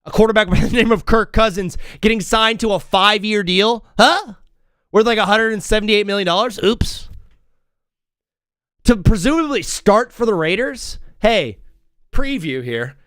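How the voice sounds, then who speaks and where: A man hosting a live sports talk show, rambling and joking in an excitable, casual way. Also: sits high, normal speed, clean tone, dry recording, studio quality.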